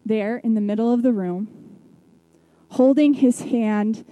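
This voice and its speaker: Slow, very mellow-voiced woman preacher. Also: fairly high pitch, no echo, dull audio. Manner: reflective storytelling with soft hushed drops. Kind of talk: sermon retelling a Bible story.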